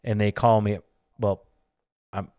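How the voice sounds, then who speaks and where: A man's voice: fairly low pitch, level tone, slow, darkish tone, clean tone, no room sound, clean studio sound. A man hosting a casual podcast, talking loosely and jokingly and often restarting his sentences. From Michigan, USA. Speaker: podcast host.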